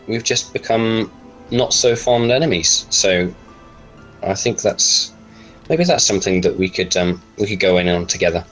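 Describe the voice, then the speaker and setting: A man plays a tabletop game in character, speaking politely with many fillers. His voice sits on the low side. Faint music plays behind him. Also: a bit bright, low-quality recording. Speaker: player.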